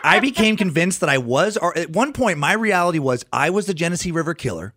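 A man's voice: fairly high pitch, lively intonation, brisk, bright, forceful tone, slight background noise. A man in his thirties chatting casually, telling rambling, self-deprecating stories. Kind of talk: casual conversation.

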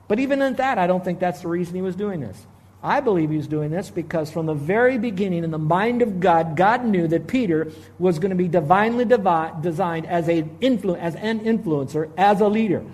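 A middle-aged man preaching a sermon, with emphatic, slow, stressed phrases and frequent restarts. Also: sits high, lively intonation, darkish tone. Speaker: pastor.

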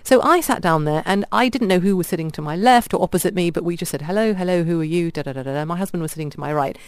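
A woman from India chatting on a radio show, telling animated stories about restaurants. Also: lowish voice, very fast, clear, resonant tone, no room sound. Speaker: radio guest reviewer. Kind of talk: casual radio chat.

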